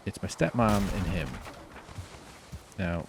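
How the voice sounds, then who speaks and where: A man telling a rambling story while playing a game, swearing freely and doing loud impressions. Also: low voice, takes it slowly, creaky, noisy background. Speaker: streamer. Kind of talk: casual gameplay commentary. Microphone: desk mic with face cam.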